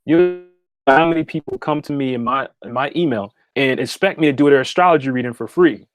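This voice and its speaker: A man's voice: mid-range voice, fairly quick, dry recording. A man hosting a casual livestream from his home meditation room, talking straight to viewers and often checking in with "okay?". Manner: direct, repetitive, asks "okay?" often. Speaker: livestream host and spiritual consultant.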